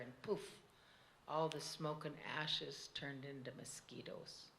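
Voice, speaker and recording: Woman storyteller, low but bright voice, animated oral telling, laughs often. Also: a little slow. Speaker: tribal storyteller on a panel.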